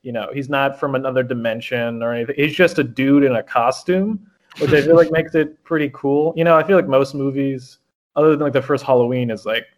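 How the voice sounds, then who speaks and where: A man's voice: mid-range voice, a little fast, slight background noise. A young man chatting casually about a horror movie, loose and full of fillers, steering the conversation. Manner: casual, filler-heavy, leads the talk.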